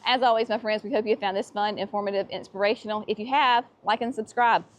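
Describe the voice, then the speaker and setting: A woman's voice: mid-range voice, steady tone, fast talker. Chatty woman gushing over plants. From North Carolina, US. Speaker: nursery owner and channel host. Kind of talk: casual gardening vlog walkthrough. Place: plant nursery, outdoors.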